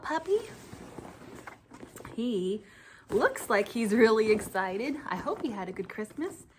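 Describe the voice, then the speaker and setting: A woman teaching a children's church lesson, speaking in a sing-song, exclaiming way as she chats with a dog puppet. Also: medium pitch.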